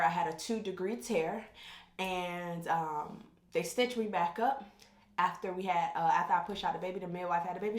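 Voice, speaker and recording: A woman with a slightly low voice tells a personal story in a loose, unscripted way, doubling back and cutting herself off mid-thought. Her speech is frank and chatty. The recording has a noticeable roomy echo. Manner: rambling, self-interrupting, candid. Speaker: vlogger telling her birth story. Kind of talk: casual storytelling.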